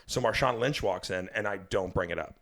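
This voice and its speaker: A man's voice: lowish voice, brisk. A young man, a stand-up comedian guest on a podcast, telling a long story in casual chat, swearing freely and acting out what people said. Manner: animated, swears a lot, acts out quoted dialogue.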